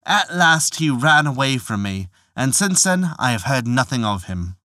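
A worried old peasant father speaks in earnest, old-fashioned words, as a storyteller puts him on. The voice is bright and lively and sounds close and dry. He is humble and plain-spoken. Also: medium pitch, measured pace, no echo.

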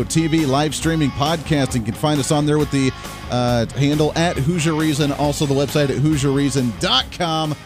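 A man hosting a political talk radio show in a casual, sarcastic way, laughing at his own jokes. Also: fairly high pitch.

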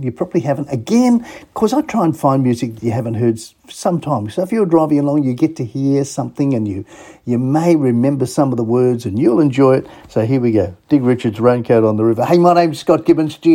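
A man with an Australian accent presents a casual radio show in a chatty, folksy way. His voice is warm and mellow with a husky edge, and he sounds upbeat as he addresses his listeners directly. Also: mid-range voice. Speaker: host of a travel radio show.

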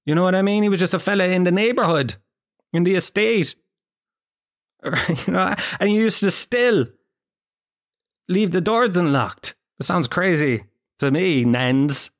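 A man's voice: on the high side, lively intonation, moderate pace. A man from Tralee with a Kerry Irish accent, rambling through a sarcastic, profane comic monologue. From Tralee, Ireland. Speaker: comedic monologue host.

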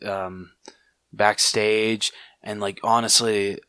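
A man's voice: fairly low pitch, flat delivery, takes it slowly, sharp tone, clear, resonant tone, no echo, clean studio sound. A man co-hosting a casual podcast chat, easygoing and agreeable, often asking short questions. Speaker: podcast co-host.

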